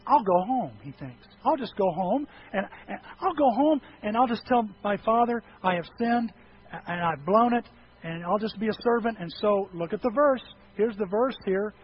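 Middle-aged guy preaching, high-ish voice, goes from loud to real quiet, faint hiss behind. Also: moderate pace. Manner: animated storytelling, acting out voices, swings from loud to hushed. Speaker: pastor. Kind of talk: sermon. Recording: dull lo-fi recording with faint noise.

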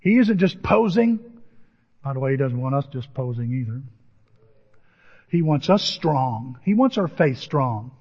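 Animated pastor preaching in a reverberant hall. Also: male voice, medium pitch, unhurried, pauses often, husky. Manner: animated storytelling, acts out voices and crowd noises. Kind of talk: sermon. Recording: dull lo-fi audio with long hall reverb.

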